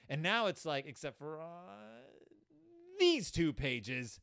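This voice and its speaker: Young man, sarcastic book commentary, lively pitch, slightly high voice. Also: slow pace, clean tone, no room sound, clean studio sound. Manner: sarcastic, animated, puts on voices. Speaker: host reviewing a children's book.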